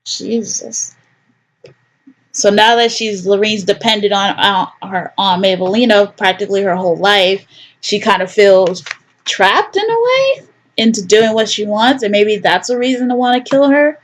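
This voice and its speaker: A woman's voice: medium pitch, animated, moderate pace. Chatty woman commenting on a story game. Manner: chatty, joking asides. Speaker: gaming video host. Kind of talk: casual let's play commentary.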